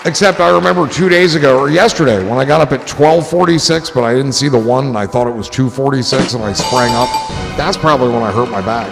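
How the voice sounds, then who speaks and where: A man's voice: medium pitch, quick pace. A man hosting a livestream, chatting in a rambling, profane, joking way that often trails off. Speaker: livestream host. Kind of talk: rambling casual chat. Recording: clear music and crowd noise behind.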